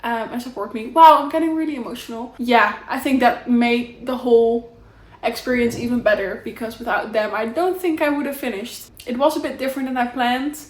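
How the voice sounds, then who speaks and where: Young dutch girl yapping to camera, kinda high voice, roomy echo around her. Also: fairly even intonation, fairly quick. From Netherlands. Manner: chatty, rambling, warm and candid. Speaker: vlogger. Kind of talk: casual catch-up chat to camera.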